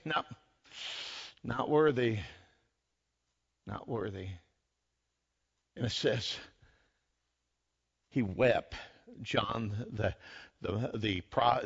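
Slow, fervent preacher man, lo-fi sound. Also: lowish voice, a bit bright, husky. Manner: slow, dramatic retelling with acted-out quotes, building to fervent emphasis. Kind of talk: sermon.

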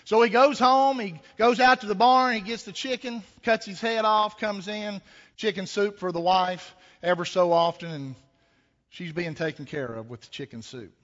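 A man's voice: high voice, normal speed, fairly bright tone. A man preaching a sermon, folksy and conversational, with rhetorical questions and a homespun story. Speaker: pastor. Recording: echoey hall, dull lo-fi sound.

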